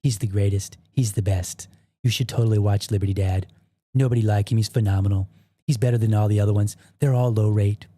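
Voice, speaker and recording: This is a boastful older politician voiced by a man doing an impression, pitched low. He speaks in short, blunt superlatives, one brag after another. The booth is dry and close. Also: fairly even intonation, brisk, dark tone, dry recording, natural voice.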